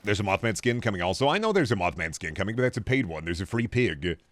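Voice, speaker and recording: Low-voiced young man streaming a game. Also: very animated, fast, fairly bright tone, slight background noise. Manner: rambling, profane, chatting with viewers while playing. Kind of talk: casual gameplay commentary.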